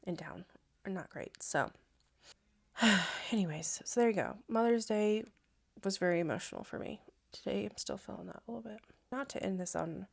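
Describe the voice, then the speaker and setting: A young woman, a stay-at-home mom, talking to camera in a casual vlog, soft and reflective with many hesitant fillers. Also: lowish voice. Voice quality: gravelly vocal fry.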